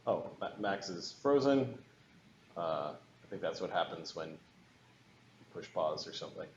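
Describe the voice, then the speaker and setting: A man's voice: sits low, expressive, a little slow, dull audio, a little hiss or hum. Easygoing male game master, roomy sound. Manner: easygoing, laughs often. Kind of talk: casual chat opening a tabletop game stream.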